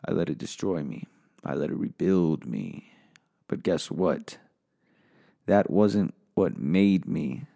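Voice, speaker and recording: A man's voice: deep voice, lively intonation, slow, creaky, long pauses, mellow, no echo, studio quality. A man giving a profane comedic rant, weary and bitter, flaring into angry outbursts.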